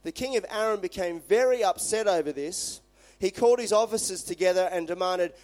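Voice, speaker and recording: Brief: male pastor, fairly high voice, conversational animated sermon delivery. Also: fairly quick. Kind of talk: sermon with scripture reading.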